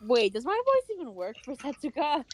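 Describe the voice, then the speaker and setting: A woman's voice: sits high, sing-song, fairly quick, darkish tone. A woman chatting casually while playing a game on stream, often unsure and questioning herself. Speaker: co-player and voice actor in a stream. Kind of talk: casual let's-play chat.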